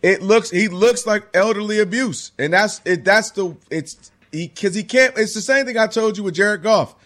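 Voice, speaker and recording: A man co-hosting a sports talk radio show, breaking down plays in an animated, rambling way. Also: sits high, normal speed.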